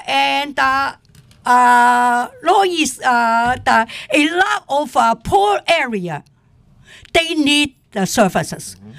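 An older woman who runs a senior center, testifying at a public hearing in an animated, indignant way and laughing often. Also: high-pitched, no room sound. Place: council committee room.

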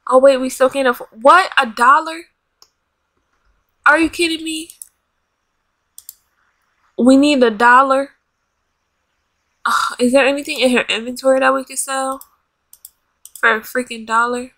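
High bright-voiced woman gaming host. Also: steady tone, a little slow, long pauses. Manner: dramatic, bossing and scolding the game characters. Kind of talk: let's play commentary. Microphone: desk USB microphone.

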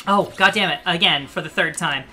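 Brief: low-pitched female streamer, joking and cursing over a clacking keyboard. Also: fairly quick, sharp tone, a little hiss or hum. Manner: swears freely, playful, joking. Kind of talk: casual gaming chat. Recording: clear keyboard typing behind.

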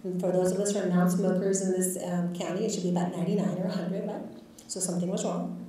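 A woman physician recounts a patient case to a class in a candid, reflective way, with a mellow, soft-toned voice and plenty of filler words. She is picked up from a distance in an echoey lecture hall, with faint room noise behind her. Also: lowish voice, level tone, quick pace. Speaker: physician guest speaker. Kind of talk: storytelling in a lecture.

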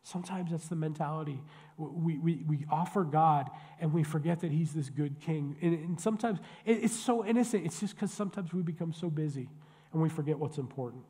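A man's voice: fairly high pitch, fairly quick, dark tone. A man in his forties, a pastor preaching a sermon in a church sanctuary, talking conversationally with jokes and direct questions to the congregation. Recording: long church hall reverb.

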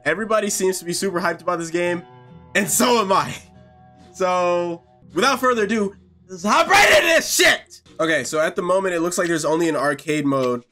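A man giving casual gameplay commentary as a video host, profane, joking and excitable. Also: a little high.

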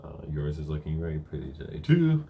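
A man's voice: very deep voice, sing-song, fairly quick, phone-quality sound. A young man coaching viewers through a live-stream Q&A at home, reading chat questions aloud and answering casually with many fillers. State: briefly out of breath.

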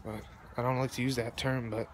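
A man's voice: mid-range voice, little pitch movement, a little fast. Young man ranting outdoors, shivering. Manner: profane, rambling, heated. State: shivering from cold. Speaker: vlogger. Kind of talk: casual rambling rant to camera. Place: outdoors in the cold near traffic. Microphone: phone camera. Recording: noisy outdoor phone recording with traffic.

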